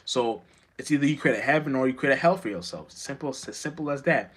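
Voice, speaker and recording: A vlogger delivers an unscripted spiritual monologue that rambles and swears, with many restarts and stammers. He has a medium-pitched voice and talks fast.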